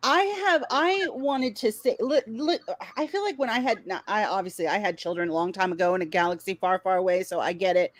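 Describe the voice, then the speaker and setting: A woman's voice: medium pitch, brisk, no echo. A middle-aged woman co-hosting a casual chat who laughs often and chimes in with reactions. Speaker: co-host.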